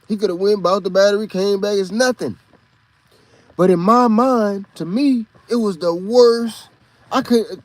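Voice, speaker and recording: A man's voice: high voice, no echo. A man from Texas with a Texan accent, a podcast host telling a rambling, profane story in a casual monologue.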